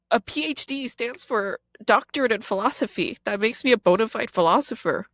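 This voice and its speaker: A woman's voice: a little high, brisk, hardly any pauses, dry recording. Woman in her 30s talking straight into the mic, super blunt and sweary, dry close sound. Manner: blunt, profane and raw. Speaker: podcast host and comedian. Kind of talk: confessional monologue.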